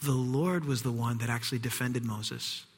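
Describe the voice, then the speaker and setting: A man preaching a sermon, acting out quoted voices and dropping to hushed whispers. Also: mid-range voice, fairly even intonation, normal speed, slightly rough, big-room sound. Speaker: pastor.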